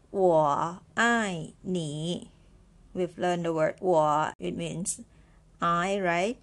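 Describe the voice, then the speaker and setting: A woman with a Mandarin Chinese accent, a native Mandarin speaker, hosting a podcast language lesson and patiently repeating words slowly for learners. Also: fairly low pitch.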